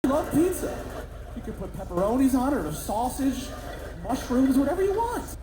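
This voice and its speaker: A man doing stand-up storytelling, animated and jumping up into high voices for the characters. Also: moderate pace. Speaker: stand-up comedian. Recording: echoey venue with background noise.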